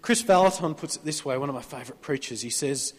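A male Australian pastor delivers his sermon in an easy, conversational way, pitched a little high for a man, and keeps inviting the congregation to call back amen. His throat is sore. The sound carries a long church-hall reverb. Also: fast talker. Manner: conversational preaching, prompting the congregation to answer amen.

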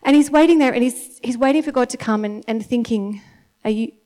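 A woman's voice: a little high, brisk, dark tone. A woman and mother giving a conversational sermon, telling stories and often checking in with her listeners by asking if they follow. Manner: chatty, storytelling, keeps checking in with the audience by asking "okay?". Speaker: church speaker and mother of several.

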